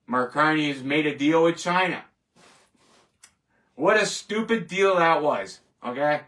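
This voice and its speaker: On his casual rant show, a Canadian host talks unhurriedly in a fairly high, slightly bright voice. He rambles with emphasis, scoffs at each verdict, and sounds distant from the microphone.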